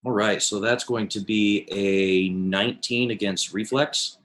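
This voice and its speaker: A man's voice: fairly low pitch, fairly even intonation, unhurried, a bit bright. A man playing a tabletop game, hesitant and thinking aloud about his moves. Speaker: player. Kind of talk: tabletop game play over voice chat.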